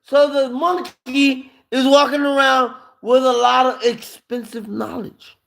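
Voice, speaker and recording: A man with a notably high voice delivers an impassioned sermon-style monologue. He is emphatic and keeps throwing rhetorical questions at his listeners. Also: level tone, measured pace, creaky, a bit bright. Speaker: live streamer preaching.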